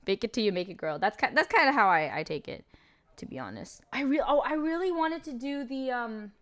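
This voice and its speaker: A woman's voice: fairly high pitch, big pitch swings, brisk, a bit bright. A woman streamer chatting casually with her viewers, a bit out of breath, chatty and self-deprecating.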